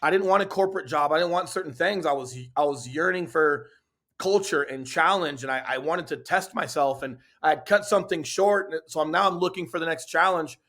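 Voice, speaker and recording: A man's voice: fairly high pitch, a little fast, fairly bright tone. A man in a casual interview, earnestly telling his story with lots of "you know" and "right?". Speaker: podcast guest, real estate team leader.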